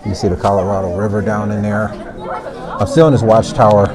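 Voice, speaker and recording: A man's voice: lowish voice, fairly even intonation, fairly quick, crowd noise. A man narrating a casual travel vlog, talking to the camera as he climbs narrow stairs, out of breath. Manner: chatty, breathless commentary while climbing stairs. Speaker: travel vlogger. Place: inside a stone tower and outdoors at a canyon rim.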